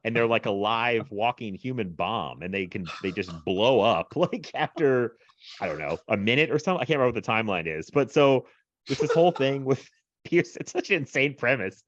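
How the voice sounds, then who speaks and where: A man's voice: medium pitch, lively intonation, brisk, no room sound, lo-fi sound. A man co-hosting a podcast in casual chat, rambling with lots of fillers and frequent laughs. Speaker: podcast co-host.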